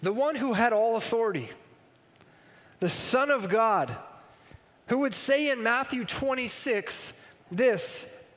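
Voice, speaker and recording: A man's voice: extremely high pitch, lively intonation, slow, long pauses, a bit bright. A man preaching a sermon with emphatic delivery and frequent rhetorical questions. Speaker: pastor. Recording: long reverb in a large hall.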